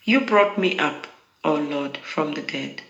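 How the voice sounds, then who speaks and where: A prayer leader reciting daily liturgical prayers in a slow, measured, solemn way. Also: medium pitch, a bit bright, dull audio. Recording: roomy echo.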